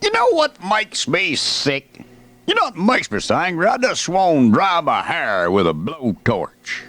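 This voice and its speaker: A man's voice: a little high, wildly swooping pitch, unhurried, a bit bright, full character voice. A man playing an indignant folksy redneck who rants about dumb neighbors. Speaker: radio comedian.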